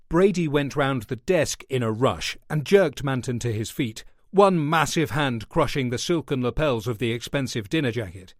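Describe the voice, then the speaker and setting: A man reading a thriller audiobook in a steady, measured way. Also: medium pitch, no room sound, clean studio sound. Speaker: audiobook narrator. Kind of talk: scripted narration.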